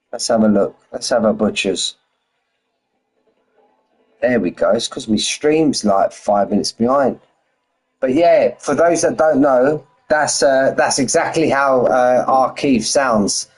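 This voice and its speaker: A man's voice: mid-range voice, unhurried, darkish tone, breathy edge. A man live-streaming a sim racing league, chatting casually and greeting viewers. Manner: chatty, greets viewers by name, reads standings aloud.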